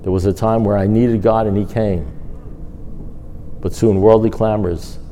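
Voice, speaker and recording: A middle-aged man speaking at a recovery meeting, telling a rambling, animated personal story and acting out the dialogue. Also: on the low side, a little slow, a little hiss or hum.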